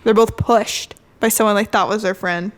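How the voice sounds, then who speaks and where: A woman's voice: mid-range voice, steady tone, moderate pace. A woman in her twenties co-hosting a podcast, chatting casually and jokily with frequent swearing. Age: 20s. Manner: playful, swears freely, jokey. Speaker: podcast co-host. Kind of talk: casual chat.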